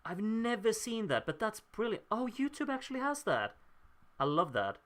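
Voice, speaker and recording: A man's voice: high-pitched, wildly swooping pitch, normal speed, a bit bright. Young male streamer host, upbeat and self-mocking, thinks aloud while tallying votes. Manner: chatty and upbeat, laughs at himself, thinks aloud. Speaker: livestream host reading out viewer votes. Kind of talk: casual live watchalong chat.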